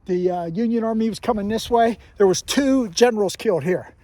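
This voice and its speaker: Guy with a high voice vlogging outside on a hike, rambly history talk, restarts a lot. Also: brisk, mellow, dry recording. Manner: rambling, self-correcting storyteller. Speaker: hiking vlogger. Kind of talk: casual walking history talk. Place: outdoors on a mountain trail.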